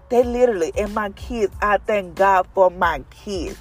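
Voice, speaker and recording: A woman's voice: mid-range voice, moderate pace, slightly rough, faint music behind. A woman leading a devotional, sharing a personal testimony in an earnest, conversational, prayerful way. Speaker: devotional leader.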